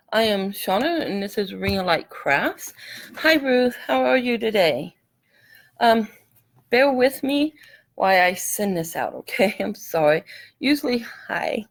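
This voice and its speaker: A woman's voice: mid-range voice, gravelly, poor audio. A woman hosting a live craft tutorial, chatting casually, apologizing often and greeting viewers by name as they join. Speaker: craft channel host.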